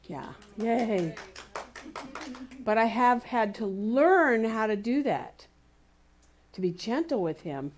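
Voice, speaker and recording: A woman's voice: on the high side, expressive, unhurried, a little hiss or hum. A woman speaking at a spiritual community service, telling everyday stories in a conversational sermon with laughter and playful voices. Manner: warm anecdotal storytelling with laughs and playful quoted voices. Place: community center hall.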